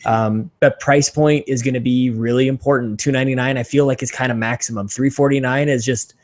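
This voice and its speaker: A man speaks as a guest on a casual gaming talk show. He is easygoing and joking, and he works through his opinions out loud in a relaxed way. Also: mid-range voice, brisk. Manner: joking, easygoing, thinks aloud. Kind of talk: casual chat.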